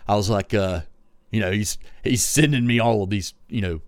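A man's voice: fairly low pitch, normal speed, no room sound. A man with a West Texas drawl, co-hosting a podcast in casual chat, rambling with fillers and restarts. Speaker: podcast co-host.

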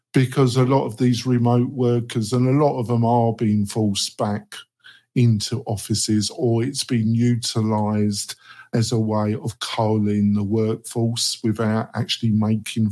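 A man's voice: mid-range voice, a little mellow. A man with an English accent chatting on a podcast, thoughtful with a dry sarcastic streak. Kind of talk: casual podcast talk.

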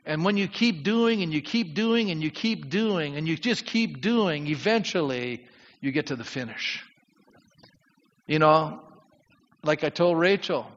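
A man's voice: a little high, a little slow, a bit bright, big-room sound, highs cut off. A man preaching as a pastor, with a conversational, chatty sermon manner and frequent casual asides. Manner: conversational preaching with many "you know" asides.

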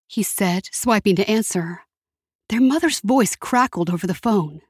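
A woman reading a story aloud in a steady, measured narration. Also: mid-range voice, breathy edge, no echo, studio quality.

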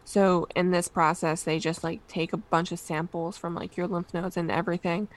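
A woman's voice: on the low side, level tone, moderate pace. Candid young woman telling her story. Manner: candid, lightly self-deprecating storytelling. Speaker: podcast guest. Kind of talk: casual chat.

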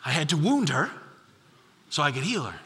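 A man's voice: a little high, big pitch swings, moderate pace, sharp tone, long reverb tail. A middle-aged male pastor preaching a sermon, telling stories with acted quotes and repeating key lines. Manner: storytelling with acted quotes and repetition.

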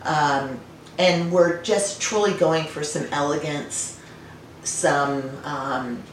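Middle-aged woman guest, low voice, recorded far from the mic in an echoey room. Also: steady tone, slow pace. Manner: warm storytelling with frequent fillers and restarts. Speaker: winemaker guest. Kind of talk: casual conversational interview. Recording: roomy and distant, faint noise.

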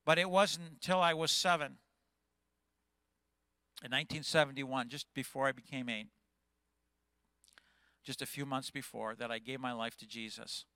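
Impassioned bright-voiced pastor in his fifties. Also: mid-range voice, fairly even intonation, moderate pace, long pauses, clean tone, no echo. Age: 50s. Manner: impassioned, agitated preaching. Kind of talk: sermon.

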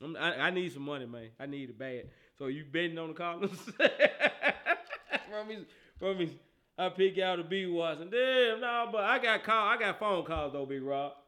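High bright-voiced man ranting about football. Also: fairly quick. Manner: animated, teasing, repeats himself, laughs often. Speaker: sports talk host. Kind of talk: casual sports talk rant.

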